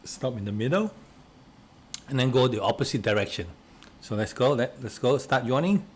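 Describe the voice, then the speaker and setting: A man leading simple relaxation exercises step by step. He talks hesitantly, restarts and repeats words, coughs now and then, and goes soft and quiet while guiding. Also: medium pitch, animated, normal speed, a little hiss or hum. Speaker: relaxation instructor.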